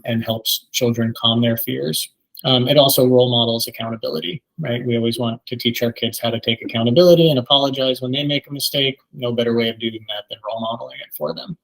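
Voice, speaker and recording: A man's voice: mid-range voice, creaky, poor audio. A man in his thirties, a therapist, giving a conversational training talk with many ums. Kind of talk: training presentation.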